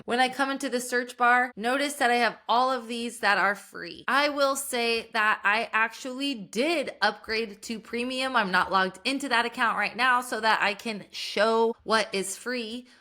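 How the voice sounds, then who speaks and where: A young woman teacher walks through a software tutorial in an upbeat, enthusiastic way. Her voice is bright and forward. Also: a little high. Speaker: teacher and tech tutorial host. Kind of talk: screen-recorded software tutorial.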